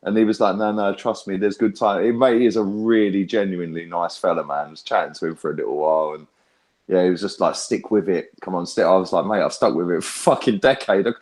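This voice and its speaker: A young man, talking in a lowish voice. He hosts a fan chat and rants loudly with heavy swearing. His speech is animated, with frequent tag questions thrown in. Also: quick pace. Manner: loud, sweary, animated ranting. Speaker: fan channel host. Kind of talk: heated casual fan chat.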